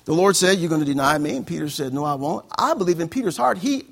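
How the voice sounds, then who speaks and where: Gravelly-voiced preacher man. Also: on the high side, fast talker, soft background music. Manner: animated, acts out conversations. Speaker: pastor. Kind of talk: sermon.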